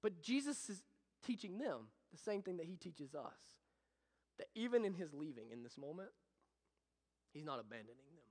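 Pastor, male, very high voice, impassioned repetitive sermon delivery, long hall reverb. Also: sing-song, moderate pace. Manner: impassioned preaching with repetition, drops to soft intimate tones.

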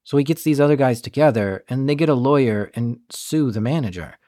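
A male podcast host reading scripted narration in a calm, even storytelling manner. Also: medium pitch, a little fast, no echo, clean studio sound. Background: background music.

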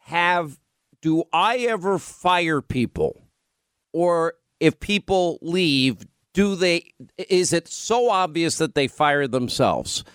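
A man's voice: on the high side, lively intonation, takes it slowly, a bit bright, clear, resonant tone, dry recording, studio quality. A man hosting a talk show, bantering with his co-hosts in a playfully defensive way. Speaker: radio talk show host.

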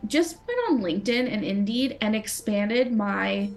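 A woman's voice: medium pitch, measured pace, faint music behind. A young woman from Canada, a designer talking casually in an interview, with many fillers and restarts. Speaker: guest designer.

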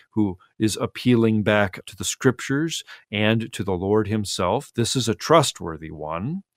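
A man, a pastor, giving earnest, teacherly Bible commentary on a talk show, acting out scripture quotes in lively voices. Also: lowish voice, no echo, clean studio sound.

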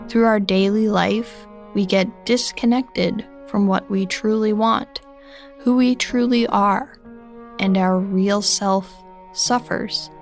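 A woman voicing a calm, earnest female yoga teacher with a Korean accent, giving slow, soothing instructions. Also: mid-range voice, soft background music.

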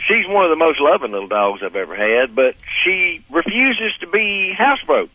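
A man's voice: on the high side, big pitch swings, normal speed, slightly rough, no echo. A man calling in to a radio show, speaking in plain, casual, folksy talk. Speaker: caller. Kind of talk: radio call-in. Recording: dull phone-line caller audio.

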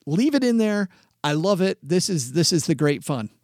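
A man's voice: high voice, no echo, clean studio sound. A man voicing a female investment client who gushes over her winning fund and panics when told to sell it. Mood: alarmed. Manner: excitable, pleading, quick to panic.

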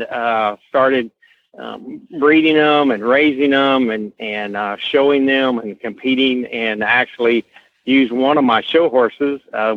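A middle-aged man with a slow Southern Kentucky accent, telling stories as an interview guest, unhurried with many fillers. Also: mid-range voice, no room sound. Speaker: guest, horse association president. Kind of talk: casual podcast interview, storytelling. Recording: tinny phone-line sound.

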